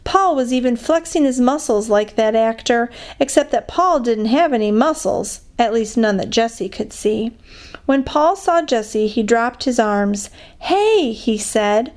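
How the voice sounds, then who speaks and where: Female guest reader for a kids' chapter book; fairly high, expressive storytelling voice. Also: unhurried. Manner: expressive, lifts her voice for the characters' lines. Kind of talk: reading a children's chapter book aloud.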